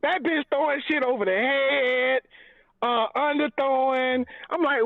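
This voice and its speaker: A man's voice: very high-pitched, normal speed, vocal fry, no room sound, narrow, tinny audio. Profane, fired-up man on a call-in line. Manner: loud, profane and fired up, shouting at times. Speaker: regular podcast member calling in. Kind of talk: angry fan rant. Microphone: phone call-in.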